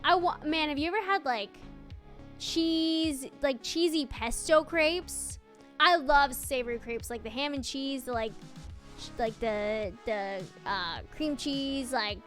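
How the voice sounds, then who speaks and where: A young woman streamer chatting casually with her viewers, telling a story in an animated way with lots of laughing and fillers. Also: high-pitched. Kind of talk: casual live-stream chat.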